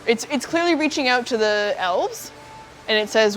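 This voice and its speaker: A woman narrating as game master of a tabletop game, describing the scene in measured sentences. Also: fairly high pitch, lively intonation, a bit bright, soft background music, rough recording. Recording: faint background noise.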